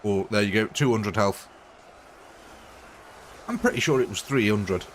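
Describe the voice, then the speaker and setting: A man's voice: on the low side, unhurried, a little hiss or hum. A man from Britain chatting casually while live-streaming a game, self-mocking and laughing often. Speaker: gaming streamer.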